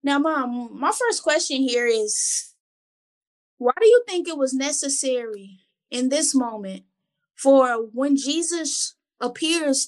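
A Bible study co-host with a high voice reads verses and reflects on them in an earnest, conversational tone. She repeats words frequently as she gathers her thoughts.

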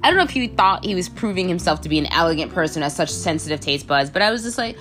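A woman's voice: fairly low pitch, fast talker, soft background music. A young woman casually telling a funny dating story, acting out the voices in the quotes. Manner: animated, acts out voices in quotes, frequent laughs.

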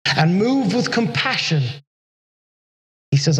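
A man preaching a sermon in an earnest way, slowing down to stress his points. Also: sits high, animated. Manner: earnest, slows down for emphasis. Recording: echoey hall with long reverb.

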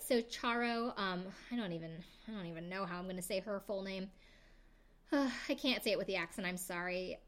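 A young adult woman hosts a podcast in a relaxed, chatty way. She rambles through a recap with plenty of fillers and playful side comments, keeping it casual and conversational. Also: medium pitch. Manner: chatty, filler-heavy, jokey asides. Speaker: podcast host.

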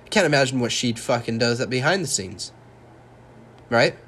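A man's voice: mid-range voice, expressive, moderate pace, a bit bright, husky. A young man hosting a solo podcast, ranting heatedly and sarcastically, swearing a lot. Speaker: podcast host.

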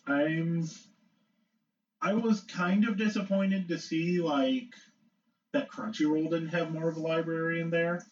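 A man's voice: fairly high pitch, fairly even intonation, a little slow, a little mellow. Young male co-host, earnest, defends his points; dull, off-mic recording. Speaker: podcast co-host. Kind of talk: casual chat. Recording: distant, dull-sounding mic.

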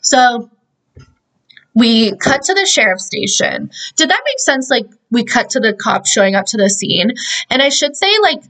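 A woman's voice: on the high side, expressive, unhurried, a bit bright, poor audio. A young woman hosting a podcast, recapping a film in a chatty way, full of fillers and laughing asides. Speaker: podcast host. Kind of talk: casual movie recap.

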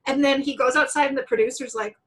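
A woman's voice: high voice, quick pace. A woman co-hosting a casual chat, telling a story and acting out the people in it with big swings of voice. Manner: animated, acts out quoted people with big voice swings. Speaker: podcast co-host.

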